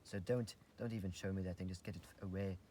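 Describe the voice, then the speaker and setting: A man's voice: low-pitched, fairly even intonation, quick pace, dark tone, a little hiss or hum, natural voice. A man playing a prim, formal male assistant who stammers politely and snaps when exasperated.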